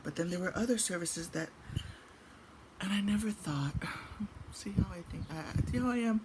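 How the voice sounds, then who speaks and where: A woman's voice: mid-range voice, lively intonation, normal speed, pauses often. Rambling chatty woman vlogger. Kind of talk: casual chat. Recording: noisy home recording.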